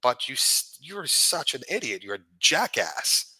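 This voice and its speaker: A man's voice: mid-range voice, big pitch swings, measured pace, bright, forceful tone, husky, no echo, low-quality recording. A man ranting into the camera, swearing often and repeating himself as he builds his points. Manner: profane, heated and repetitive, with frequent restarts. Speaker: vlogger. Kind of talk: ranting commentary.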